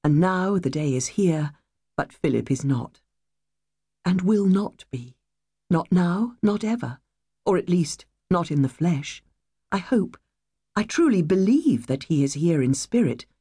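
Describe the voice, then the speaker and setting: A woman reading a first-person novel aloud, measured and wistful. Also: lowish voice, expressive, warm tone, slightly rough, no room sound, clean studio sound. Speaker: audiobook narrator. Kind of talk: first-person audiobook narration.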